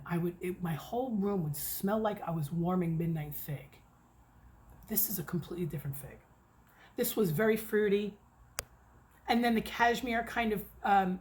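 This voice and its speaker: A middle-aged woman from the United States chatting casually at home about wax she has tried, excitable and cursing now and then. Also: mid-range voice, a little hiss or hum. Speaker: wax reviewer. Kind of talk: casual chat. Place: home near an airport.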